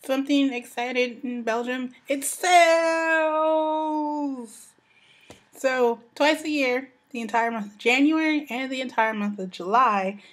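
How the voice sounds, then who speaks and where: A woman's voice: fairly high pitch, fairly bright tone. An American woman, a young adult, chatting casually in a vlog and saying "like" and "you know" a lot. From United States. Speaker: vlogger.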